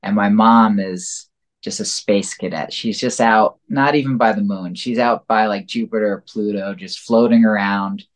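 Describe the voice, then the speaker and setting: A man's voice: on the low side, steady tone, normal speed. A man speaking as a guest in a casual interview, rambling and reflective, with many filler words. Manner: rambling and reflective, heavy use of "like" and "you know". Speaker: podcast guest.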